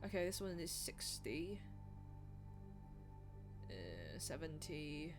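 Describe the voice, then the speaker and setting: A woman's voice: deep voice, slow, over music. A young woman streaming live, chatting casually in a rambling, self-deprecating way.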